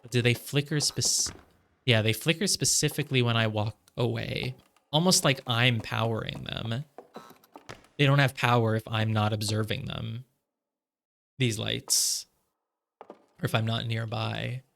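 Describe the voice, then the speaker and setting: A man giving casual let's-play commentary. He thinks out loud, peppers his talk with "like," and slips soft laughs between thoughts. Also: medium pitch, fairly even intonation, a little slow, vocal fry, long pauses, a little hiss or hum. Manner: musing aloud, heavy on "like" fillers. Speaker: gamer playing through a game.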